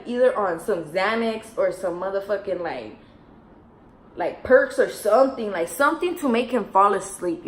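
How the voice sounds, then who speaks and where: A young woman from telling a story while doing her makeup, in an animated slangy way full of fillers and swearing. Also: mid-range voice, slight background noise, poor audio. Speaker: beauty vlogger.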